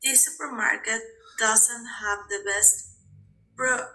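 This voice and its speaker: A female student reads slowly and carefully in a very bright, higher voice, halting over a tricky word. She sounds like a learner taking her turn in an online class. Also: fairly even intonation, poor audio. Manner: hesitant, stumbles over words. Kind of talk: reading sentences aloud in class.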